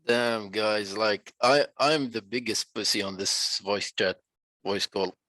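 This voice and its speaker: A man chatting on a voice call, excitable and self-mocking, swearing freely. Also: lowish voice, slow, dry recording. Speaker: caller on the voice chat. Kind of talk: casual chat on a voice call.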